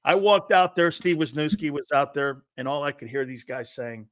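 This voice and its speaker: An older man with a fairly high voice tells football stories in an excitable, profane way, jumping into loud impressions of the people he quotes. The sound is close and dry, with no room behind him. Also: normal speed, few pauses, no echo. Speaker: co-host, former college football player. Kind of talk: animated sports talk and storytelling.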